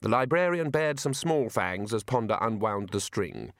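A man narrating an audiobook in a lively, expressive storytelling manner. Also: lowish voice, moderate pace, dry recording, studio quality.

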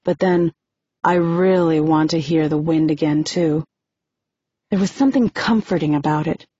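A woman narrating a novel in the first person, steady and measured, on a dry, muffled recording. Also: deep voice, slightly rough, no echo. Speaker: audiobook narrator.

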